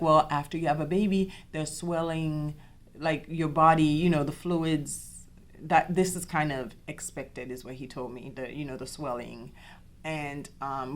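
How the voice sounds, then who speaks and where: Podcast host, young woman, low-pitched, emphatic, personal storytelling. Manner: animated, quotes others in dialogue, repeats herself.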